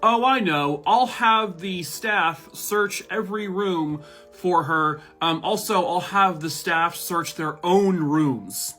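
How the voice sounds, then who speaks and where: Brief: a smug, shrugging cruise director with a put-on accent, as a man mocks him, a touch higher and quicker than natural. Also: pushed and bright, faint music behind, exaggerated voice.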